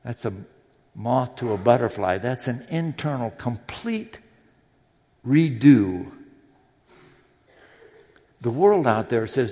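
A man's voice: mid-range voice, expressive, slow, long pauses, dark tone. A man preaching a sermon in a church, earnest and personal, with readings from scripture. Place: church sanctuary. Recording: long hall reverb.

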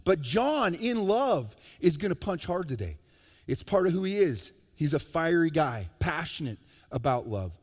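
Preaching from a large church sanctuary, this pastor has a somewhat high-pitched male voice and a lively, joking manner. His delivery shifts from forceful, emphatic statements to hushed asides, and each phrase lingers in the hall's long echo.

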